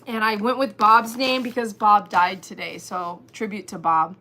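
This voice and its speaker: A woman hosting a casual livestream, chatting and reading viewers' comments aloud, animated and laughing often. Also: mid-range voice, moderate pace, a little hiss or hum. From Texas. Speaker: livestream host.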